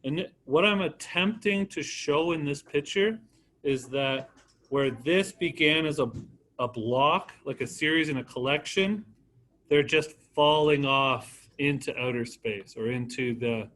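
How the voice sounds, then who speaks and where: A man's voice: mid-range voice, measured pace, a bit bright. A man teaching an art class in an informal, encouraging way, calling on students by name.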